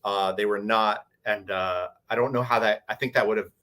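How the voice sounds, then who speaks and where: A man's voice: fairly low pitch, steady tone, moderate pace, pushed and bright. A man on a convention panel, animatedly telling a tabletop game story with many restarts. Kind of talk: casual panel chat.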